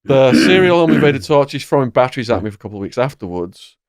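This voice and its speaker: A man with an English accent, a podcast host telling his own stories in a vivid, animated way. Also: medium pitch, fast talker, no echo, studio quality. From England. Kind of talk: storytelling in a conversation.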